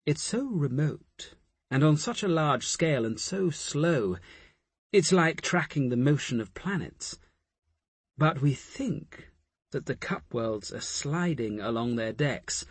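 A man voicing a hesitant, higher woman scientist. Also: lively intonation, slow, slightly rough, dry recording, exaggerated voice. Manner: hesitant, musing.

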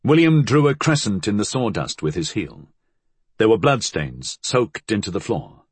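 A man narrating a crime novel at a measured storytelling pace. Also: fairly low pitch, very animated, slightly rough, no echo. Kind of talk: audiobook narration.

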